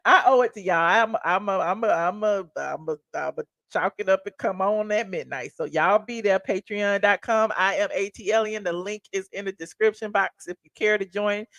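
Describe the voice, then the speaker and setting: A woman's voice: medium pitch, normal speed, hardly any pauses, fairly bright tone, no echo. A woman with a Southern accent, wrapping up her livestream in a chatty, drawling way, calling viewers child and honey. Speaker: livestream host. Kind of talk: casual livestream wrap-up.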